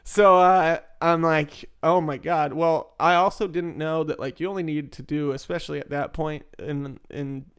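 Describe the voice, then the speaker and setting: A man telling animated stories in casual conversation, laughing often and acting out loud exclamations. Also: on the high side, moderate pace, hardly any pauses, clear, resonant tone. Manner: animated, laughs often, mimics others loudly. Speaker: interviewee in recovery. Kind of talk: casual storytelling.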